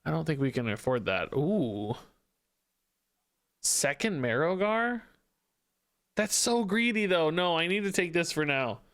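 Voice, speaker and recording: A man's voice: fairly high pitch, lively intonation, measured pace, a bit bright, smooth. A young man streaming a card game, chatting to his viewers in a loose, self-mocking way and laughing often. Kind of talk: casual gameplay commentary.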